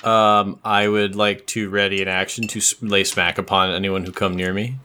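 A man's voice: fairly low pitch, flat delivery, moderate pace, pushed and bright, clean tone. A man playing a tabletop game, jokey and playful with fillers. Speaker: player. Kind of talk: casual tabletop game play.

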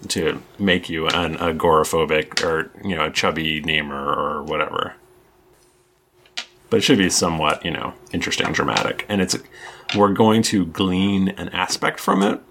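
A man's voice: a bass voice, animated, normal speed, vocal fry, background noise. A man running a tabletop game as game master, explaining the rules in a rambling way with many restarts. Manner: rambling, lots of ums and restarts.

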